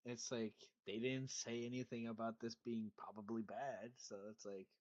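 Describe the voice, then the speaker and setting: A man's voice: mid-range voice, little pitch movement, normal speed, a little mellow, no echo, highs cut off. A man talking as a player in a tabletop game, defensive and joking. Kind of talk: casual chat in a tabletop game.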